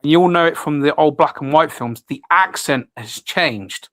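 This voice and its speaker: A man's voice: on the high side, moderate pace, fairly bright tone, no room sound. A man hosting a casual radio chat, rambling with many restarts and fillers. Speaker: host.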